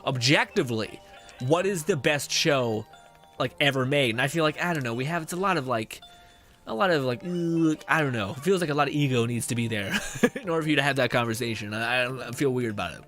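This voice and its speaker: A man's voice: mid-range voice, quick pace, a bit bright, faint music behind. A young man streaming a game, chatting casually with viewers, rambling and swearing often, with laughs between phrases. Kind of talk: casual chat with viewers while gaming.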